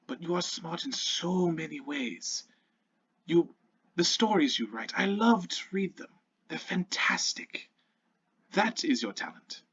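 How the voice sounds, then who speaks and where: A man voicing a warm, fatherly male half-orc burgomaster who speaks softly and reassuringly, on a muffled lo-fi recording. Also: on the high side, husky, heavily acted. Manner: soft, gentle and reassuring.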